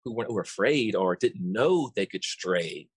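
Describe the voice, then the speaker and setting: A man's voice: on the low side, expressive, moderate pace, husky, no room sound. A man who works as a coach, chatting casually and talkatively, often restarting and repeating words. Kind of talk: casual podcast conversation.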